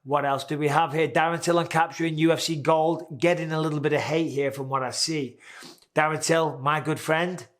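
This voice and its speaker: A man's voice: on the high side, fairly even intonation, moderate pace, a bit bright. A man in his forties hosting a casual, candid sports commentary, chatty and swearing now and then. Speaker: host.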